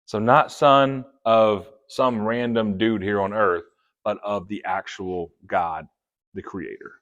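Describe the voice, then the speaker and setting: A man preaching a sermon, playful and chatty, acting out quick quoted asides. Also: fairly low pitch, fairly even intonation, fairly bright tone, lo-fi sound. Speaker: pastor.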